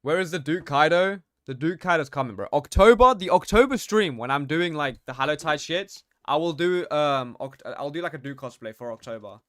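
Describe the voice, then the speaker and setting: A man's voice: on the high side, expressive, fairly quick, few pauses, a bit bright, dry recording, studio quality. A young man streaming a game, chatting casually, reading out his chat and laughing often. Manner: slangy, reads chat aloud, laughs often.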